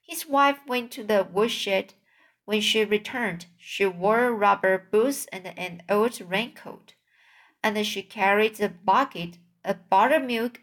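A woman reads a children's storybook aloud, taking her time over each line. Her pitch sits in an ordinary middle range, and she goes back over a phrase now and then. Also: a bit bright. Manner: slow, careful reading with repeated phrases. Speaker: audiobook reader. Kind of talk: scripted narration.

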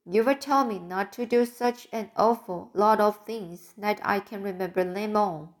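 A naughty little boy whines and pleads in a storybook reading, as a woman puts him on. His lines come slowly and carefully, with a steady middle pitch. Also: lightly acted. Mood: whimpering. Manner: whiny, pleading. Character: mischievous whimpering little boy.

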